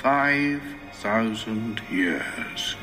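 An actor playing a grave villain in a film clip, speaking slowly and deliberately over a music score. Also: male voice, on the low side, animated.

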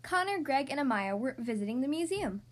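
A woman hosting a podcast, reading a storybook aloud to young children in a friendly, animated way. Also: sits high, brisk. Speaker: podcast host reading to kids.

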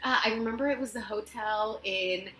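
A woman's voice: mid-range voice, normal speed, echoey room, a loud crowd, rough recording. A woman, an actress, talking as a guest in a casual interview in her own apartment, chatty and self-mocking, with lots of fillers.

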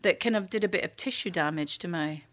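A woman's voice: lowish voice, quick pace. A middle-aged woman, a guest in a casual chat, telling stories with lots of laughter. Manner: animated storyteller, laughs often, acts out voices.

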